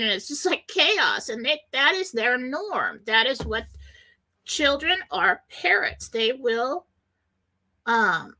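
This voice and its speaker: A woman's voice: on the high side, sharp tone. A middle-aged woman hosting a spiritual self-help radio talk, speaking earnestly and rambling a little, sometimes acting out panicked voices. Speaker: radio show host.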